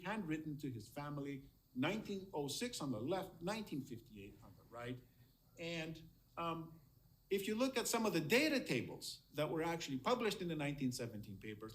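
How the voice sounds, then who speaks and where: A man lecturing on history over his slides, his voice sitting a little high and moving widely up and down. He talks with admiration and leans on his words, often repeating them for emphasis.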